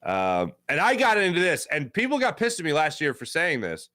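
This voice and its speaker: A man's voice: fairly high pitch, wildly swooping pitch, moderate pace, pushed and bright, no room sound, clean studio sound. A man hosting a sports talk show, rambling casually and animatedly with lots of fillers and restarts. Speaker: sports radio host.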